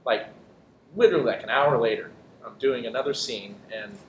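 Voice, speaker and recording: A man who performs improv, chatting casually and telling stories with lots of restarts and jokes. His voice is of middling pitch. The room is echoey, with a faint low rumble behind him. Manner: quick, joking storyteller with many restarts. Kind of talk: casual interview chat.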